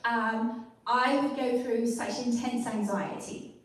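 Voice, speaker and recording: A woman comedian from southern England, chatting in an animated, jokey way as an interview guest. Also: on the high side, takes it slowly. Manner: animated, jokey, tries out accents. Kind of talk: casual interview chat. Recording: very echoey room, mic far off.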